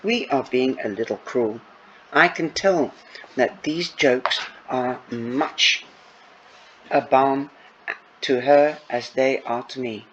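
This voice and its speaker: A man reading a novel aloud in the first person, unhurried with small stumbles. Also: mid-range voice, fairly bright tone, muffled recording, slight background noise. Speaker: audiobook reader. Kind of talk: first-person audiobook narration.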